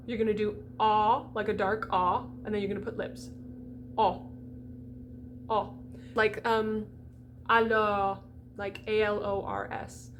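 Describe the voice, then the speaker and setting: A woman's voice: a little high, fairly bright tone, a little hiss or hum. Chatty, emphatic woman voice coach. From United States. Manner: chatty, emphatic, demonstrates sounds aloud. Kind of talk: pronunciation lesson for singers.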